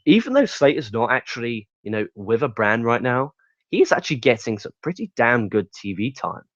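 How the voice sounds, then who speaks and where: A man delivering a casual solo review, profane and blunt, sounding fed up as he talks. His voice sits at an ordinary middle pitch. The recording is dry and slightly dull, like a lo-fi home setup. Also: very animated, moderate pace, a bit bright, no echo. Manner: profane, ranting, blunt and exasperated. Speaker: wrestling show reviewer.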